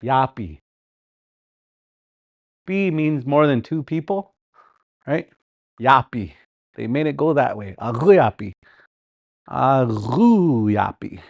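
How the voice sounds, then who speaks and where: Man, middle-aged, language teacher, slow unhurried delivery, repeats words aloud. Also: mid-range voice, expressive, no echo, lo-fi sound. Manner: slow, repeats words, chants song lines, laughs often. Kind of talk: livestreamed language class.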